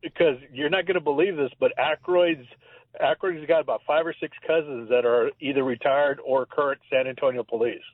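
A man's voice: fairly high pitch, steady tone, fairly quick, no room sound. A man calling in to a radio show, chatty and insistent, often repeating himself. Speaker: caller. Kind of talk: call-in radio talk. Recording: phone line on radio.

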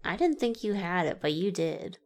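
A woman's voice: fairly low pitch, lively intonation, normal speed, darkish tone. A woman co-hosting a casual movie review chat, making dry, wry jokes. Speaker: podcast co-host.

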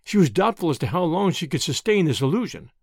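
A male narrator reads a story aloud in a lively, expressive way. His voice sits a little on the high side and moves freely up and down. The recording is dry, with no room echo. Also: fast talker. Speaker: audiobook narrator. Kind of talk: scripted narration.

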